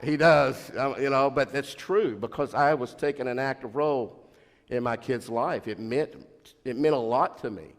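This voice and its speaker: A middle-aged man, a pastor, preaching from the front of a church and rambling through family stories with repeats, restarts and laughs. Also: medium pitch. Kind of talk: anecdotal sermon. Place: church sanctuary. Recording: long church reverb.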